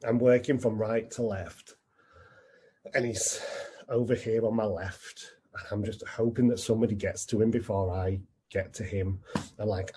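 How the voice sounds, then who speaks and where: Male speaker, reflective storyteller, mellow, slightly raspy voice. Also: lowish voice, fairly even intonation, measured pace. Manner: earnest and reflective. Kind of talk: personal storytelling talk.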